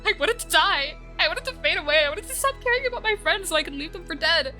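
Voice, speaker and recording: A young man shattered by endless time loops, voiced by a woman, pleading in a raw, strained voice. It sits high and bright, well above her usual pitch. Faint music lies under it. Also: expressive, quick pace, exaggerated voice. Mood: despairing.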